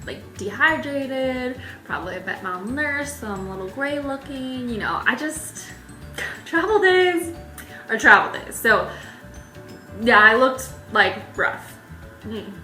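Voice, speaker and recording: Young woman, chatty vlogger, bright voice, frequent laughs, roomy echo, faint music behind. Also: high-pitched, slow. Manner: chatty and animated, laughs often, many "like"s. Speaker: travel vlogger. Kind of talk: casual travel storytelling. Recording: echoey room with faint music.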